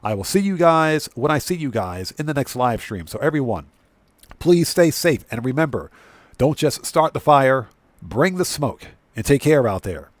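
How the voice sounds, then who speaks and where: A man's voice: mid-range voice, very animated, moderate pace, no room sound. A man hosting a casual gaming live stream, chatting with viewers and thanking them at length. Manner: laughs easily while signing off.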